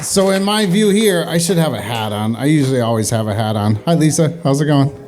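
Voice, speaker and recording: Guy emceeing an open mic, kinda high voice, rambly and joking at himself. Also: animated, fast talker, background noise. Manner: rambling, self-deprecating, laughs often. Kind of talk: casual emcee banter. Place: small venue with audience.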